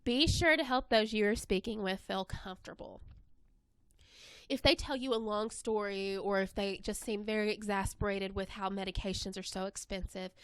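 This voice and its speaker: A woman presenting an instructional webinar in an even, scripted narration. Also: medium pitch, smooth, no echo.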